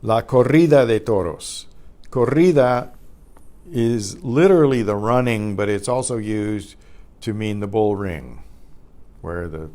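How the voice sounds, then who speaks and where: A man teaching a Spanish grammar class, explaining patiently and clearing his throat often. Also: lowish voice, a little mellow. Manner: recites word lists carefully.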